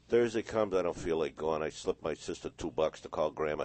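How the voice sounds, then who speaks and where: Deep-voiced and lively in intonation, a male hypnotist speaks at normal speed with a darkish tone during a radio interview, recounting stories and performing the quoted voices. There's no echo in the radio studio.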